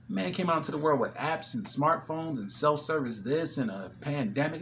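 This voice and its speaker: A man's voice: medium pitch, lively intonation, normal speed, slight background noise. A man vlogging, casually telling an emotional story and retelling a conversation line by line. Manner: emotional, retelling a conversation with quoted back-and-forth.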